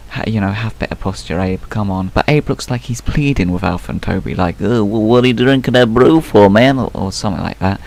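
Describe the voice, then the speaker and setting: A man's voice: low-pitched, creaky, a little hiss or hum. A young man casually talking through a game trailer, musing aloud with lots of fillers. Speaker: video game commentator.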